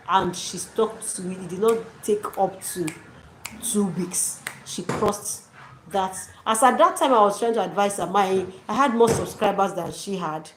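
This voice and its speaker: A woman's voice: medium pitch, a little slow. Encouraging woman in an echoey room. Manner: encouraging, preachy, addresses viewers as dearies and sis. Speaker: YouTube channel host. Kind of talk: casual motivational talk to viewers. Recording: echoey room with faint noise.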